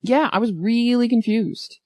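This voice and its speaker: A woman co-hosting a casual movie podcast, animated and quick to jump higher when she disagrees. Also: no echo. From Canada. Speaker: podcast co-host.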